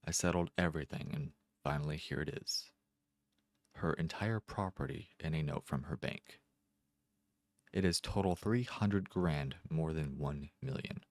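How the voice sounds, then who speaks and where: A man puts on a pale old messenger with an Italian accent, courteous and soft-spoken. The voice sits very low and close, with no room around it. He delivers his news gently, in a storybook reading. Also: measured pace, no echo.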